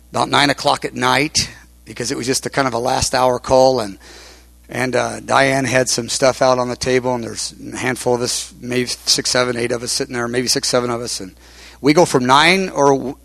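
A man preacher telling a personal testimony, retelling conversations line by line in a halting storytelling way, often restarting his words. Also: medium pitch, vocal fry, a bit bright, no room sound. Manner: retells conversations with many quoted lines.

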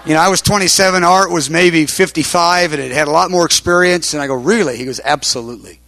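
A man preacher telling a personal testimony, retelling conversations line by line in a halting storytelling way, often restarting his words. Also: a little high, creaky, bright, forceful tone, no echo. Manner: retells conversations with many quoted lines.

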